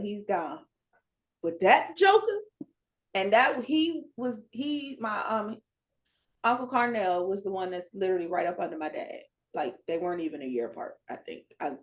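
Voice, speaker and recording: A woman co-hosting a podcast in casual chat, laughing often and reacting with lively interjections. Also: medium pitch. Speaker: podcast co-host.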